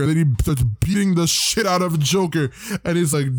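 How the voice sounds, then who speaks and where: A man's voice: a little high, moderate pace, hardly any pauses, no room sound. A man hosting a podcast, casually recapping a comic in a rambling, profane way and briefly putting on voices for the characters. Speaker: podcast host.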